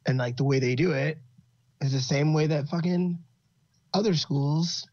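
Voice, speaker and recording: Laid-back, husky-voiced co-host, slightly higher pitch, dull muffled recording. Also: male voice, a little slow, darkish tone, no echo. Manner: laid-back, swears casually. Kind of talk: casual chat.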